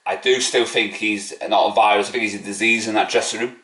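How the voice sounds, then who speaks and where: A man's voice: on the low side, fairly even intonation, fairly quick, sharp tone. A man hosting a football fan channel, giving a blunt, opinionated match preview with some swearing. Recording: roomy echo.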